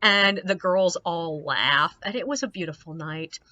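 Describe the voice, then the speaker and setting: A woman tour guide chats to the camera in a casual, animated storytelling voice that is bright and a little sharp. She is wry and mimics the people she quotes. The recording sounds somewhat dull and lo-fi. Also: on the low side, measured pace.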